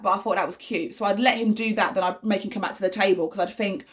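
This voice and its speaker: A woman's voice: mid-range voice, fast talker, hardly any pauses, a bit bright. A young woman, talking casually to camera as a vlogging mother, earnest and reassuring with lots of fillers. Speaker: vlogger, mother of an autistic son.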